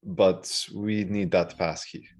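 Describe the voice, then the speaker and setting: A man voicing his tabletop character, a calm adventurer who persuades a captive in a measured, reassuring but firm way. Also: sits low. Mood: coaxing.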